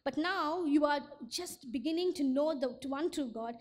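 A woman's voice: high voice, animated, normal speed. A young woman giving an earnest sermon testimony at church, often repeating words as she searches for them. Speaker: church speaker.

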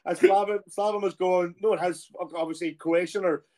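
A middle-aged Irish man, a former footballer, telling a long anecdote in a casual, animated way and acting out the people he quotes. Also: sits high, moderate pace. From Ireland. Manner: animated storyteller who acts out quoted voices.

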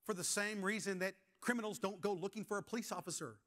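High, bright-voiced preaching man. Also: quick pace. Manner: preaching with rhetorical questions to the congregation. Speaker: pastor. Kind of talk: sermon.

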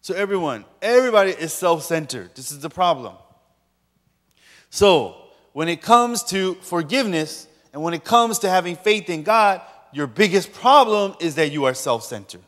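A man's voice: high-pitched, lively intonation, normal speed, a bit bright, in a large hall. A man preaching a sermon as a pastor, joking playfully with his audience. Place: large lecture hall.

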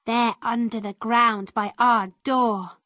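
A woman's voice: a little high, fairly even intonation, slow, fairly bright tone, dry recording, studio quality. Woman reading as a boastful angry village boy. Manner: boastful, blunt.

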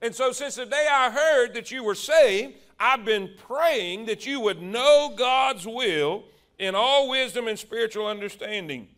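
A high-pitched man preaching at a slow, deliberate pace. He stretches out words for emphasis and calls on the congregation to respond. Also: lively intonation, a bit bright. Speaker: pastor. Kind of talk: sermon.

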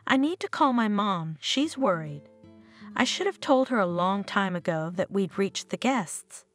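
A woman's voice: mid-range voice, sing-song, measured pace, a bit bright, faint music behind. A woman voicing a frightened, injured young woman in an audio story, pleading and tearful. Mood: weak. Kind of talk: storybook narration.

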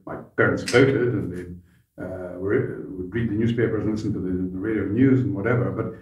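An older man speaks with a soft, educated Edinburgh accent, recalling his past in a measured, anecdotal way. His voice sits on the low side. It is recorded from a distance in an echoey room, and the sound is slightly dull. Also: fairly even intonation. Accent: Edinburgh middle-class Scottish. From Edinburgh, Scotland. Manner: measured, anecdotal, with frequent "uh" pauses. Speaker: guest, former politician. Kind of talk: relaxed podcast interview.

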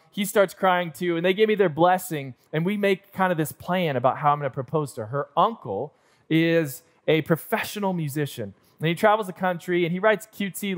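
A high-voiced young man preaching to his church, spinning a self-deprecating story with lively, acted-out moments. He plays up his own nerves for laughs. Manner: self-deprecating, animated storyteller acting out scenes. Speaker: pastor. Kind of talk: sermon storytelling. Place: church auditorium.

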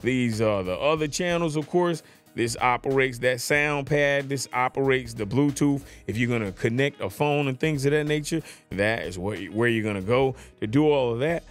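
A man's voice: mid-range voice, normal speed, soft background music. A man casually demoing a new piece of audio gear, joking around and often asking the listener if they follow him, speaking into a podcast microphone in a home studio. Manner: playful, chatty, keeps asking if you follow him. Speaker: tech gear reviewer. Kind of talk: casual product demo. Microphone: USB podcast mic on desk.

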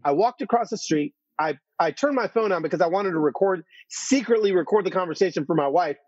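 A man's voice: sits high, lively intonation, brisk, darkish tone, slightly rough, no room sound, dull audio. A man as an interview guest, telling a story earnestly, full of restarts and asides.

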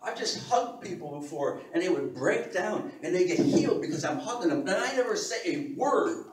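A man preaching a sermon as a pastor, telling stories in an animated way, often repeating his words and laughing. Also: high voice, moderate pace, a crowd in the background. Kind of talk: sermon with storytelling. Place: church. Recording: echoey church hall, distant mic.

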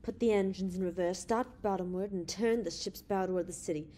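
A woman voicing a tense male officer in an audiobook, loud, insistent and accusing. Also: medium pitch, a little fast, close to an everyday voice. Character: tense male officer holding friends at gunpoint.

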